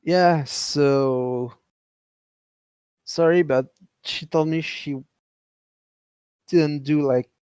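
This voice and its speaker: A man's voice: on the high side, extremely slow, long pauses, darkish tone, smooth, dry recording. A man voicing a tired male contact on a phone call, hesitant and rambling, trailing off between words, in a tabletop roleplay game. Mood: sleepy, apologetic. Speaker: game master.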